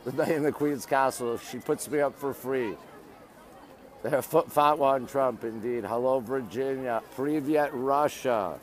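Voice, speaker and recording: A man's voice: mid-range voice, slow pace. A Canadian man hosting a live phone stream outdoors, greeting viewers and reading their comments aloud in chatty bits. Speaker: livestream host. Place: outdoors on monument steps in a busy city. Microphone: phone held while streaming.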